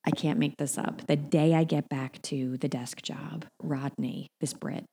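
A middle-aged woman guest, an audiobook narrator, telling her story in a casual chat, animated and acting out the voices of the people she quotes. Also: low-pitched, a little slow, creaky, breathy edge.

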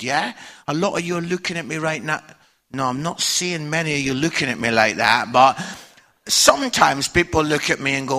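A man in his forties preaching a sermon from a church stage, telling personal stories in a candid, humorous, animated way. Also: on the high side, moderate pace, creaky.

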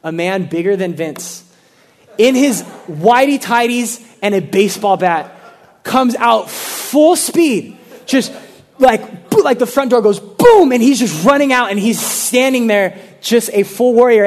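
Young guy preacher, kinda high voice, casual sermon, goes loud then real quiet. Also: moderate pace. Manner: animated storytelling, voice swings from loud to hushed.

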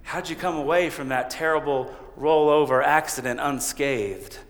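A man's voice: a little high, moderate pace. Pastor guy joking his way into a sermon, church sanctuary, long echo. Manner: conversational and humorous, often laughing. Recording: reverberant hall.

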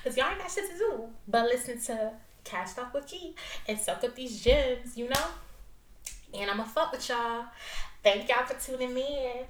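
A woman's voice: fairly high pitch, expressive, normal speed, slight background noise. A young woman hosting her own podcast, chatting casually in a loose, profane, rambling way and laughing often. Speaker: podcast host. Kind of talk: casual solo podcast chat. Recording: roomy echo.

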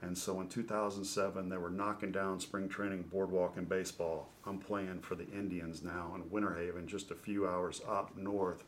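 A middle-aged man, a former ballplayer and podcast guest, telling an animated story. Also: low voice, moderate pace, hardly any pauses, a little hiss or hum. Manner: animated storyteller who acts out scenes. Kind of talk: storytelling interview.

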